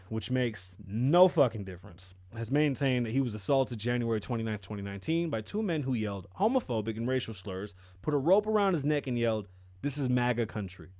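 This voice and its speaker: A man's voice: medium pitch, darkish tone, dry recording, clean studio sound. A man giving profane, sarcastic commentary on a news story. He mocks the story and fires off rhetorical questions. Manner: mocking, rhetorical questions, breaks off to laugh. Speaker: commentary vlogger.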